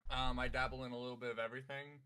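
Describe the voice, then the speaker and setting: Casting: man, bright smooth voice, halting casual intro full of fillers. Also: medium pitch, little pitch movement. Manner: halting, many fillers, swears and laughs. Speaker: guest voice actor and game master.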